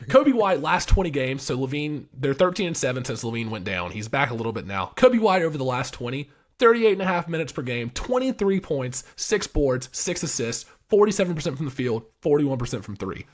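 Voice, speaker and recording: A man's voice: medium pitch, very animated, a little fast, hardly any pauses. A man co-hosting a casual basketball podcast, enthusiastic and rattling off player stats. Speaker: podcast co-host. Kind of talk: casual sports talk.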